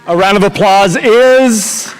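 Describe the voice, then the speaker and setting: Upbeat high-voiced male emcee. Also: takes it slowly, clean tone, a faint crowd, poor audio. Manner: upbeat, joking. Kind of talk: announcing acts.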